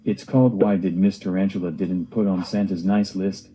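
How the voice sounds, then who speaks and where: Earnest man with a very mellow voice. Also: sits low, fairly even intonation, normal speed, faint music behind, low-quality recording. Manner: simple, earnest storytelling with plain phrasing. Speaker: narrator of a homemade cartoon diary. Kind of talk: storytelling.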